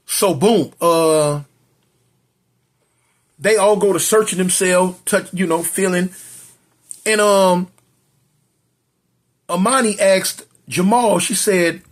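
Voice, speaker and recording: A man's voice: sits high, slow pace, long pauses. A man telling a serial story in a loose, conversational way, adding spoken sound effects.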